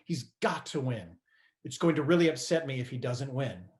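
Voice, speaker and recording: A man's voice: medium pitch, animated, normal speed, a little mellow, lightly acted. An actor playing a man who voices his forgetful, defensive elderly mother within a stage monologue. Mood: gushing.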